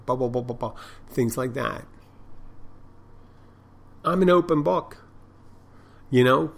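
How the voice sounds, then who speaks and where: This bartender and podcast host speaks slowly in a mid-range voice with vocal fry and long pauses. Telling stories from behind the bar in a loose, rambling monologue, he curses often and repeatedly restarts what he's saying.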